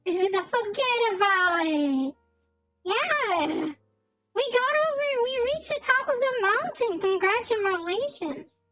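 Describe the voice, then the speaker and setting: A woman's voice: very high voice, animated, measured pace, a bit bright, dry recording, soft background music. A woman streaming a game and chatting casually, rambling and repeating words while she thinks.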